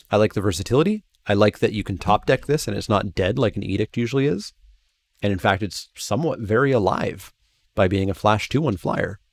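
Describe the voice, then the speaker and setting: A man's voice: on the low side, creaky, no echo. A man hosting a channel, reading game card text aloud and then musing over each one with hedging asides in casual review commentary.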